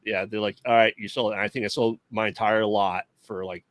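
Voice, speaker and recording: A man's voice: lowish voice, fairly even intonation, brisk, a bit bright. A man hosting a casual podcast, joking and laughing as he talks. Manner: jokey, laughs often. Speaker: podcast host.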